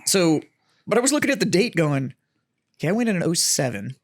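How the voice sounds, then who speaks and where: A man's voice: fairly high pitch, sing-song, fairly quick, dry recording, clean studio sound. A veteran man co-hosting a podcast, chatting casually and swearing while he explains military rules. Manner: profane, explains rules at length. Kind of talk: casual chat.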